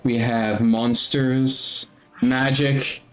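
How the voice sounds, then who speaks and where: A man's voice: medium pitch, level tone, very slow, soft background music. A man voicing a middle-aged, showy circus ringmaster who welcomes the crowd grandly. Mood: welcoming. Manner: grand, welcoming announcer delivery. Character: middle-aged male showman ringmaster in a fine suit.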